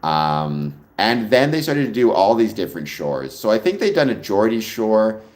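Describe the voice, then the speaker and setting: A man's voice: fairly low pitch, big pitch swings, normal speed, darkish tone. A man hosting a livestream, chatting casually and answering viewer comments in a rambling way that drifts into personal stories. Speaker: livestream host.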